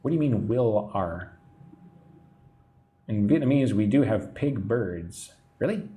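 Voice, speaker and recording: A man's voice: on the low side, expressive, takes it slowly, dark tone. A man from Texas with an American accent, teaching English idioms on a live stream and answering viewer comments. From Texas, USA. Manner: patient explaining, reads viewer comments aloud, tag "right?" often.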